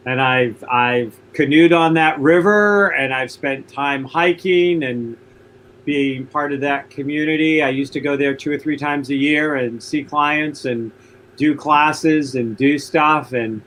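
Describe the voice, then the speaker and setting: A man's voice: a little high, a little slow, a bit bright, poor audio. A man hosting a talk show, speaking earnestly and enthusiastically, often repeating his phrases. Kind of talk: radio interview chat.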